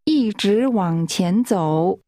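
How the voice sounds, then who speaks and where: Lady saying words super slow and careful for a language drill, dry studio sound. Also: medium pitch, lively intonation, dark tone, no echo. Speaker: native speaker model in language course. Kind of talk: scripted pronunciation drill.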